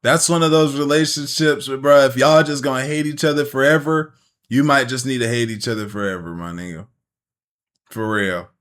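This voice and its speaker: A man's voice: medium pitch, fairly even intonation, normal speed, fairly bright tone. A man streaming a casual reaction, talking bluntly and jokingly with slang and swearing.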